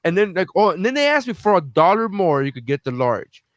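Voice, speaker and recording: A man chatting on a podcast, mid-pitched and loose. He tells stories with plenty of swearing and springs into sharply higher voices whenever he quotes someone. The sound is dry and close to the mic. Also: fairly quick, no room sound. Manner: animated storyteller, acts out quotes with big pitch jumps, swears freely. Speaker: podcast co-host. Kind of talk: casual chat.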